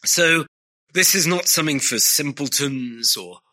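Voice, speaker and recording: A man preaching a sermon in a measured, earnest way, with frequent hesitations and emphatic repetition. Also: fairly high pitch, animated, sharp tone, no room sound.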